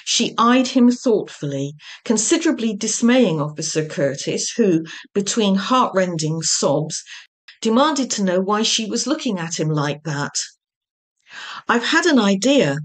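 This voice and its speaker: A woman, an author, reading an extract from her own comic novel in a deliberate, wry narrating manner. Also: mid-range voice, lively intonation.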